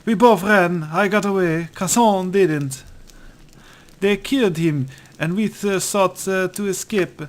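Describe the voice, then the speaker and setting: A man's voice: medium pitch, measured pace, pitched below the performer's own voice, natural voice. A man doing a nervous boy with a weird accent. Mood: remorseful. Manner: stammering, pleading. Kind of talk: let's-play voice acting.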